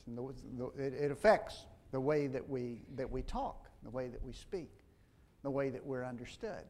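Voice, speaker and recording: Slow, halting male preacher. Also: medium pitch, darkish tone. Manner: slow and halting, with many restarts and fillers. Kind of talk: sermon.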